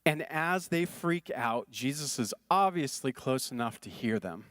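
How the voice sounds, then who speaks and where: A man's voice: mid-range voice, expressive, measured pace, fairly bright tone. A male pastor preaching a sermon in an earnest, conversational way, often repeating phrases for emphasis.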